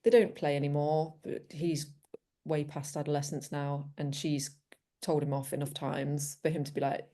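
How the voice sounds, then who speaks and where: Low, mellow woman dog trainer. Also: level tone, normal speed. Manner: bubbly, laughs often, acts out dogs. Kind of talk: casual expert interview.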